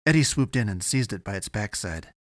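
A man giving steady, measured scripted narration of an audiobook. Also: lowish voice, dry recording, clean studio sound.

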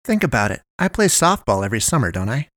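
A man's voice: mid-range voice, big pitch swings, quick pace, fairly bright tone, no echo, clean studio sound. A man reading a story aloud, voicing a bossy boy who plays soldier and whispers urgent warnings. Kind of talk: storybook character voice.

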